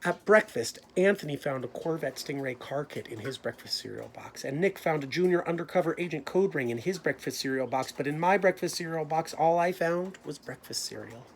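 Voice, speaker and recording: A man reading a picture book aloud, voicing a grumpy young boy in a loud, exasperated way. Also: fairly high pitch, lively intonation, a little fast, hardly any pauses, slight background noise. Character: grumpy young boy having a bad day.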